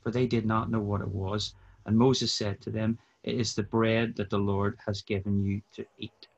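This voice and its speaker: A man joins the podcast as a guest, talking easily and reading a long scripture passage at a steady pace. His voice is low, and it comes through dull, lo-fi video call audio. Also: moderate pace, creaky. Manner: easygoing, reads scripture steadily. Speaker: podcast guest, mission partner. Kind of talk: casual chat and scripture reading.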